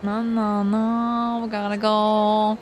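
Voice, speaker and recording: A woman's voice: medium pitch, level tone, slow, a little hiss or hum. A woman streaming a video game, chatting casually and animatedly as she plays, often breaking into laughter. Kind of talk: casual gameplay commentary.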